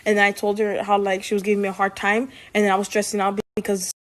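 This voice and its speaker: A woman's voice: mid-range voice, monotone, fast talker. Young woman, casual vlogger, rambling anecdote, lots of "like" fillers. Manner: rambling, heavy use of "like". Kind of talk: casual storytelling vlog.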